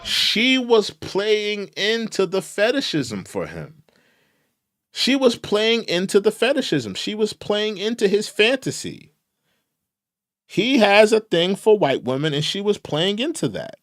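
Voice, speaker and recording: Animated man riffing on commentary. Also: high voice, measured pace, dry recording, studio quality. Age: young adult. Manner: reads documents aloud and riffs on them. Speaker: commentary channel host. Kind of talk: casual livestream commentary.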